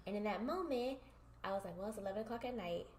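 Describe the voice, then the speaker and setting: A woman's voice: medium pitch, fast talker, a little mellow, a little hiss or hum. A woman co-hosting a podcast in casual chat, telling personal stories and acting out both sides of the conversations. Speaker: podcast co-host. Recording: echoey room.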